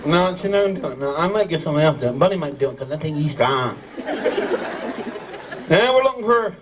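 High-voiced joking Newfoundland emcee. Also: male voice, expressive, fairly quick, a little hiss or hum. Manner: joking, teasing, broad dialect. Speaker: master of ceremonies. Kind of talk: live comic emcee patter. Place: live community celebration. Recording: distant mic over a crowd.

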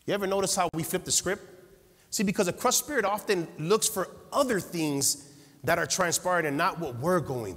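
A man preaching a sermon in a church, swinging from loud fervent calls to quiet personal storytelling. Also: fairly high pitch. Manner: impassioned, rising to shouts then dropping to quiet storytelling. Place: church sanctuary. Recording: husky voice in a long-reverb hall.

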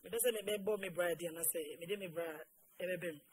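A Ghanaian woman recounting her life story in an interview, mixing Twi and English in a halting, soft way. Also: lowish voice, a little hiss or hum, rough recording.

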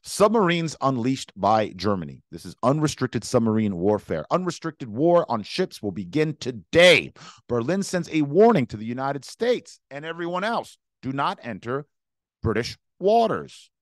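A man's voice: medium pitch, sing-song, normal speed, dry recording, studio quality. A young man giving an emphatic history lecture, repeating words and speaking for both sides in first person. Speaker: history teacher.

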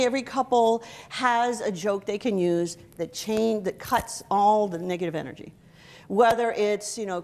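A woman's voice: a little high, a little fast. A middle-aged woman giving a humorous workshop talk to soldiers, joking and drawing the audience in. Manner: lively, joking, audience-engaging. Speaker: motivational speaker. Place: event hall before a live audience.

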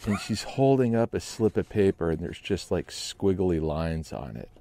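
A man telling a personal story with dramatic flair, swinging between hushed narration and loud outbursts. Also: deep voice, normal speed. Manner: animated, shifts between hushed and shouting. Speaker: storyteller guest. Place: Los Angeles.

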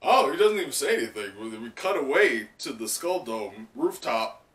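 An excitable young man giving a live reaction and recap, with a bright voice and lively swings in pitch. He sounds roomy and a little distant from the mic. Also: moderate pace. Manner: excitable, many fillers and laughs. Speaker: manga reaction channel host.

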